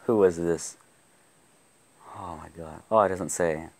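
A young man giving live gameplay commentary, excitable, often laughing and yelling at the game. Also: low-pitched, unhurried. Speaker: gaming YouTuber.

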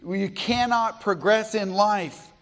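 A middle-aged male preacher from Colorado delivering a sermon in a church. His voice sits high for a man, and he takes his time, unhurried and deliberate, letting pauses land between his stories. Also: fairly bright tone. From Colorado, USA. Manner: storytelling, slow and deliberate with pauses. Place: church sanctuary.

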